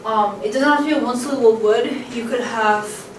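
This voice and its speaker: A poetry teacher gives a casual lecture in a room recorded on a camcorder, her fairly high voice brisk and far from the mic. The room echoes and a faint hum sits underneath as she chats along, full of ums and uhs, tapping out stress patterns aloud.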